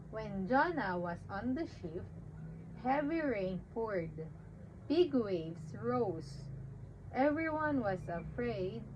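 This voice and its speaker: A young mother reading a picture book to her baby in a slow, coaxing sing-song and making animal sounds. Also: on the high side, muffled recording, noisy background.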